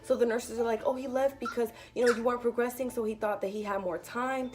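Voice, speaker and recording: A woman's voice: on the high side, fast. Chatty young woman telling a storytime. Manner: chatty, animated retelling with lots of "like". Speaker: vlogger. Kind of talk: casual storytime.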